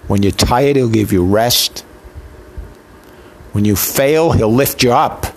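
A man's voice: mid-range voice, takes it slowly, slight background noise. A man preaching a sermon with an impassioned, emotional delivery built on rhythmic repetition. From Italian heritage.

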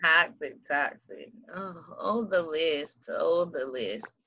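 Bright-voiced woman host, easy laughter. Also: deep voice, takes it slowly, dry recording, highs cut off. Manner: laughs easily, loose and relaxed. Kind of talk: casual chat.

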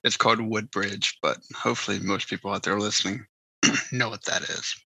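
A man's voice: lowish voice, steady tone, normal speed, pushed and bright, husky, dry recording, low-quality recording. A man co-hosting a podcast, chatting casually in a hesitant way with many fillers. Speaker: podcast co-host. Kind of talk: casual chat.

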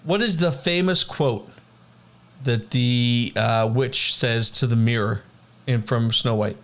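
A man's voice: medium pitch, takes it slowly, fairly bright tone. A young man co-hosting a casual chat, laid-back and rambling as he reads out trivia. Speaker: podcast co-host.

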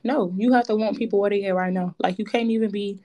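A woman with co-hosting a casual chat, animated and slangy, laughing often. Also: medium pitch, fast talker.

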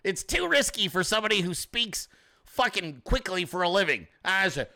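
A man hosting his own livestream show, ranting fast and profanely in an ad-libbed style, sometimes shouting as he acts out scenarios. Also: high voice. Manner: rapid, profane, animated ranting; shouts when acting out scenarios. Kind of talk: ad-libbed political livestream rant.

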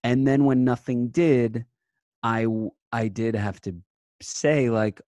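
A young adult man, an actor guest, chatting casually in a remote interview and telling animated stories in which he quotes himself. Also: medium pitch, takes it slowly, dry recording. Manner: animated storyteller, quotes himself in lively bursts. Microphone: remote call mic.

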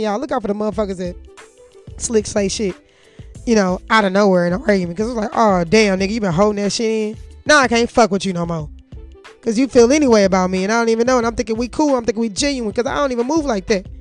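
A woman's voice: a little high, a little mellow. A woman from St. Louis hosting a podcast, talking bluntly and profanely, pacing around while she speaks into a mic on her phone. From St. Louis, USA. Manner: blunt, profane, fired-up storytelling. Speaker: podcast host. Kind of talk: candid podcast monologue. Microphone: mic plugged into phone, walking around.

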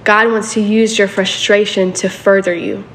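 A woman's voice: medium pitch, level tone, moderate pace, a bit bright, a little hiss or hum. A woman preaching a sermon in a casual, conversational way, often checking in with her listeners for agreement.

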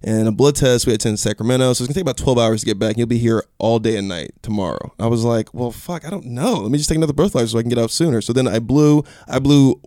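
Young male guest, rapid animated storyteller, quotes people in a higher voice. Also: no room sound, clean studio sound. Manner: animated, acts out quotes in raised voice, swears. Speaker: podcast guest. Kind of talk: casual storytelling.

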